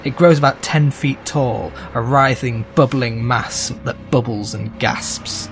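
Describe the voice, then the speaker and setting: Male game master, measured descriptive narration, faint music bed. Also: mid-range voice.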